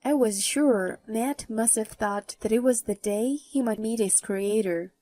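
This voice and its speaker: A woman narrating her own story in the first person, with a mocking, even tone. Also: on the high side, unhurried, no echo. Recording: faint background music.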